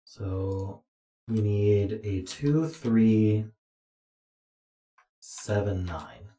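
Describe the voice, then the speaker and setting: A man's voice: fairly low pitch, extremely slow, warm tone. A tired man streaming himself as he thinks aloud through a puzzle, muttering to himself with dry asides. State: tired, yawning. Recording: roomy echo.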